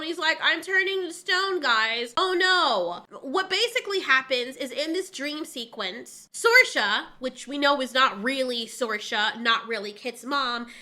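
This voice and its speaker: Young woman venting about a show, high bright voice that swings all over, cussing a lot. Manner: exasperated, profane, fast venting. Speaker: TV series reviewer. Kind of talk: ranting reaction review.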